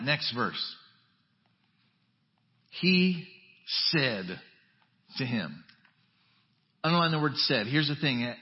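A male pastor preaching a sermon in a conversational way, dropping to a hush and then rising to emphatic, urgent lines. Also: on the high side. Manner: conversational preaching with wide swings from hushed to emphatic. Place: church sanctuary. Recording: dull audio with long church reverb.

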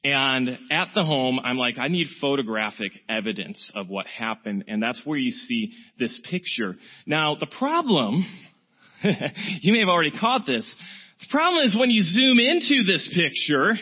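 A man preaching, telling a self-mocking story with an animated delivery. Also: a little high, a little slow, slightly rough. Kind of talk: sermon with storytelling. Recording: dull, muffled sound.

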